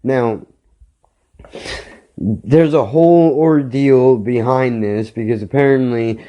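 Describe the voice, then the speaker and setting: A man's voice: medium pitch, slow pace, lo-fi sound. A male podcast host telling a story as a blunt, heated rant full of swearing.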